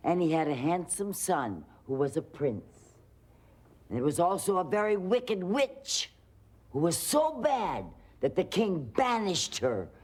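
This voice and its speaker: An older woman playing a grandmother in a sitcom, telling a playful, animated bedtime story. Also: lowish voice, exaggerated voice. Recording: sitcom studio audience laughter.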